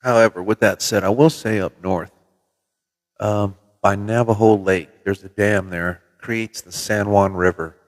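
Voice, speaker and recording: A middle-aged man from Minnesota hosts a casual livestream from his CB radio shop, spinning relaxed, folksy stories with the odd swear word. His voice sits a little low. The room gives it a long, hall-like reverb. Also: measured pace. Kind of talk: casual livestream chat with viewers. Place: CB radio shop in New Mexico.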